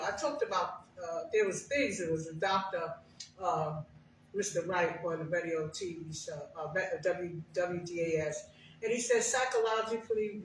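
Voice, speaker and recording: As a guest speaker, an older woman gives a conversational personal testimony, telling her stories with emphasis. Her voice is medium in pitch. She's recorded far from the mic in a very echoey room, with slight background noise.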